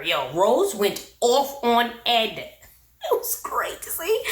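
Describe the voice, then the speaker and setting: A woman with a fairly high voice talks through a reality TV recap in loose, slangy chatter. She is opinionated and quick to laugh. The sound bounces around an echoey room. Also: huge pitch swings. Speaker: recap and review vlogger.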